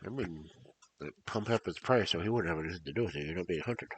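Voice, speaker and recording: A man's voice: sits low, expressive, fast talker, breathy edge. A man reading fairy tales aloud with joking asides, laughing often and a bit tipsy. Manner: joking, laughs often, addresses listeners as cubs. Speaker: storyteller.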